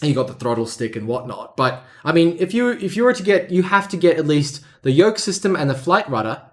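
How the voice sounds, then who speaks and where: A man's voice: fairly high pitch, big pitch swings, brisk, a bit bright. A man with an Australian accent, hosting a casual tech chat and telling rambling anecdotes. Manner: rambling anecdotal storyteller, acts out quoted voices. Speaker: podcast host.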